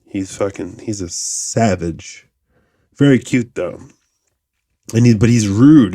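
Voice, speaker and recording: Low-voiced guy rambling on his podcast, swears a lot, dry close mic. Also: slow pace, no room sound. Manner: profane, rambling, animated asides. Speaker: podcast host. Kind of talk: casual monologue.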